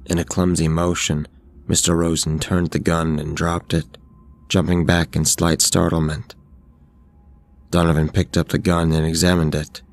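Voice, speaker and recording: Male horror narrator, scripted, measured, steady, extremely deep, flat delivery. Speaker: storyteller.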